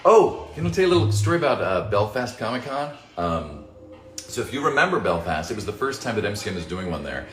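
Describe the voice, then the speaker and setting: A man's voice: lowish voice, big pitch swings, fast talker, fairly bright tone. A man who voices characters, answering fan questions in a casual livestream Q&A. He jokes, swears casually and reads the chat aloud. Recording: roomy echo with faint music.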